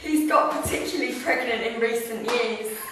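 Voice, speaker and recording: A woman trades late-night teasing with her housemates, laughing as she mock-scolds them. Her voice sits a little high and lands from some distance away, in a very echoey room. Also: normal speed, noisy background. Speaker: reality show housemate. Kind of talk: casual late-night banter. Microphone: worn radio mic. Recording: echoey room, far from mic.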